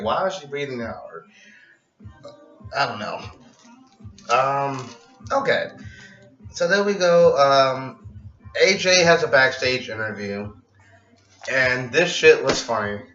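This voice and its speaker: A man talks through a wrestling show in a loose, rambling vlog, dry-humored and swearing freely. His voice is bright, but he sits back from the mic in a roomy, echoing space, so the sound comes out dull. Soft music plays underneath. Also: medium pitch. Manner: rambling, profane, wry. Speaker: vlogger reviewing wrestling. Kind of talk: casual review vlog. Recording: echoey, dull, distant with music.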